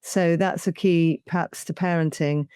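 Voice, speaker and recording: A woman hosts the interview with a mellow, smooth voice. She asks thoughtful questions and sums up the points her guest makes. The recording is close and dry. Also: on the low side, fairly even intonation, moderate pace, no room sound. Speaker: interview host. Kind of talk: conversational interview.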